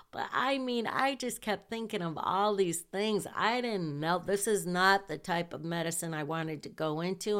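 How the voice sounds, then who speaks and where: A middle-aged woman recounts a story from her school days in an unhurried, easy way. Her voice is smooth and clear and sits a little low, and she laughs often while acting out what she said back then. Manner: animated, laughs while telling, acts out her own quotes. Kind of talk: casual personal storytelling.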